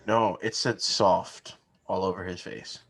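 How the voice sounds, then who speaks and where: A man's voice: low-pitched, steady tone, a little slow, fairly bright tone. A man in his thirties co-hosting a podcast, telling family stories in a casual chat and laughing through them. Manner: laughing storyteller, acts out family quotes. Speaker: podcast co-host.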